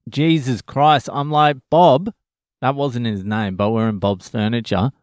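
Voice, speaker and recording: Smooth-voiced swearing storyteller man. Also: mid-range voice, moderate pace, no room sound, clean studio sound. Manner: profane, joking, animated retelling. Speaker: vlogger. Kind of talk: casual storytelling vlog.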